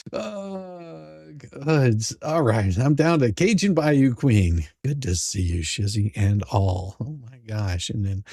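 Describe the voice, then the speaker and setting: A man's voice: medium pitch, creaky, darkish tone, dry recording, clean studio sound. A middle-aged man hosting a live stream, casually greeting chatters by name and chuckling often. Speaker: livestream host.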